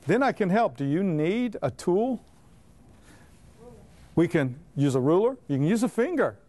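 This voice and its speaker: A man's voice: high voice, big pitch swings, measured pace, warm tone. A man giving assured, plain-spoken explanations in an interview as a reading intervention expert.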